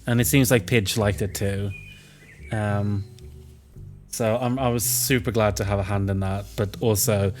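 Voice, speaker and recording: A male streamer chatting casually and joking about himself while he plays a story game. His delivery is unhurried, and faint music runs underneath. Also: fairly low pitch, fairly even intonation, a little mellow. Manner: jokey, self-deprecating. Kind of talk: casual let's-play commentary.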